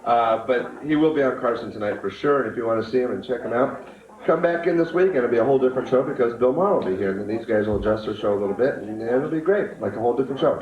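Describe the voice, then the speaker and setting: Male club emcee, quick promotional patter, roomy lo-fi 1980s live tape. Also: medium pitch, animated, distant mic, slight background noise. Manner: brisk, promotional. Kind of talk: announcing acts to a live audience. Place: comedy club stage.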